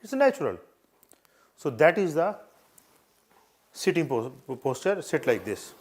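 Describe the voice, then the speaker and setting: A man's voice: a little high, sing-song, measured pace. Older Indian man, interview coach, earnest and repetitive, acts out examples. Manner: earnest, repetitive advice with demonstrations. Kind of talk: live coaching session.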